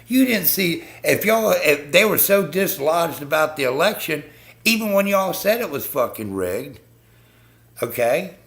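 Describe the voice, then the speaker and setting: A man's voice: fairly high pitch, gravelly, a bit bright. A man hosting a live stream, ranting bluntly and swearing constantly as he talks to viewers about politics.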